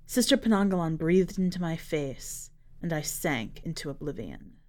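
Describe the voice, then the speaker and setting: A woman narrating a dark short story for a fiction podcast in a measured, dramatic reading style. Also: deep voice, big pitch swings. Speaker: podcast editor and reader.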